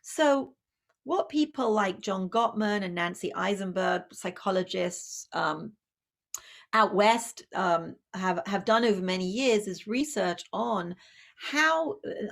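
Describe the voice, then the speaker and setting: A woman's voice: medium pitch, vocal fry. A woman, a child psychologist and author, giving a conversational public talk on parenting, with many fillers and self-corrections.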